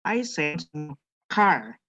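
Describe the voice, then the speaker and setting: A man's voice: on the high side, sing-song, very slow, sharp tone, faint music behind. A man from Indonesia volunteering as a student in an online class, reading a practice sentence carefully and hesitantly. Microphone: video call. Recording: dull lo-fi video call audio.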